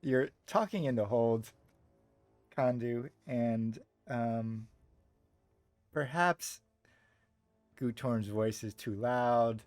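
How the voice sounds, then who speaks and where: A man's voice: medium pitch, very slow, long pauses, a little mellow, dry recording, faint music behind. A man as game master, narrating a tabletop role-playing scene in a meandering, descriptive way with many fillers.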